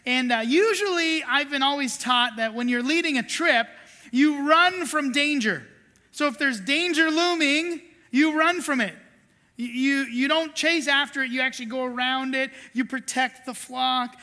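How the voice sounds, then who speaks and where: A woman's voice: high voice, moderate pace, few pauses, bright, forceful tone. A woman pastor preaching a sermon, telling a story with self-deprecating humor and acting out the quotes. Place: church sanctuary. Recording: reverberant church hall.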